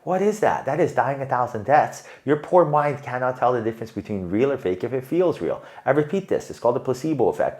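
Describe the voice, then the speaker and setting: A man giving a tarot reading in an animated, emphatic way, often checking in with "right?". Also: medium pitch, fairly quick, hardly any pauses. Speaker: tarot reader.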